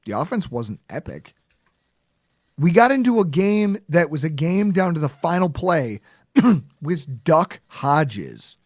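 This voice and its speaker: A man hosting a sports podcast, his fairly high voice swinging widely as he rants with sarcastic, heckling energy. The sound is dry and close to the mic. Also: big pitch swings, takes it slowly, a little mellow, no room sound. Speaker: podcast host. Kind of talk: casual sports podcast rant.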